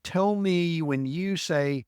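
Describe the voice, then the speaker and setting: A man hosting a podcast, asking thoughtful, measured interview questions. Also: a little high, a little mellow, smooth, no room sound, clean studio sound. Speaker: podcast host.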